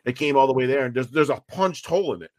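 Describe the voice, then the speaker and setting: A man, a fan-film writer and producer, talking as a podcast guest in a rambling, profane, animated way, with many restarts. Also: medium pitch, quick pace, slight background noise. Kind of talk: casual podcast interview.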